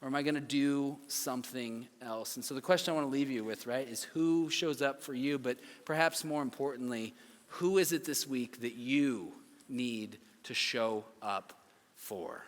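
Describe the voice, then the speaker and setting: A man in his thirties giving a youth sermon as a pastor, telling a story with animated delivery and acting out the lines he quotes. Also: mid-range voice, normal speed, big-room sound.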